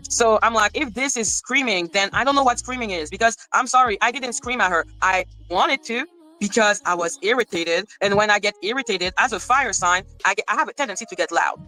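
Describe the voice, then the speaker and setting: A woman's voice: mid-range voice, brisk, pushed and bright, faint music behind, rough recording. A woman venting in a played video, irritated and ranting, swearing as she talks.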